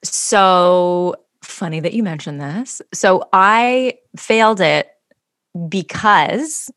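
A woman in casual chat, telling a story in an animated way and acting out the people in it. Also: medium pitch, drawn-out words, no room sound, clean studio sound. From Canada. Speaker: podcast co-host.

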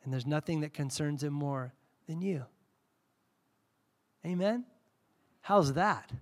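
A man in his forties preaching a sermon, conversational and personal, swinging between soft intimate passages and loud fervent peaks. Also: on the high side, slow pace. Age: 40s. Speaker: pastor.

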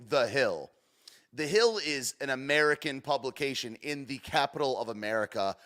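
A young man giving casual, rambling commentary as he reacts to a clip, swinging between loud and soft. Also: medium pitch. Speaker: streamer reacting to a news clip.

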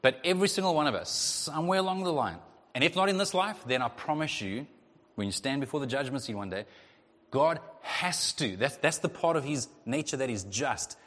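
A male pastor preaching a sermon in a lively way, acting out the voices of the people in his story. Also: a little high, a little fast. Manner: animated, acts out voices of God and the Israelites. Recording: long hall reverb.

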